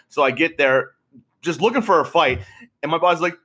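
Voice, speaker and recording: A man's voice: mid-range voice, fast, a bit bright. A man in his twenties chatting casually, rambling and swearing, with frequent laughs and lots of "bro.". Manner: profane, rambling, laughs often, says "bro". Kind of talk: casual chat.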